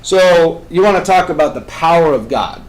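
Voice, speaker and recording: A man on a talk show, telling a story with energy. He swings between loud, emphatic bursts and hushed, intense passages. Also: fairly high pitch, lively intonation, normal speed, poor audio. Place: radio studio.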